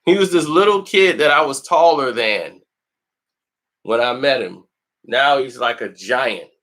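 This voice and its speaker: A man with a mid-range, slightly bright voice hosts a film review channel, speaking a little slowly but with plenty of animation. It's casual chat full of lively storytelling and frequent laughter, and he acts out quotes in put-on voices.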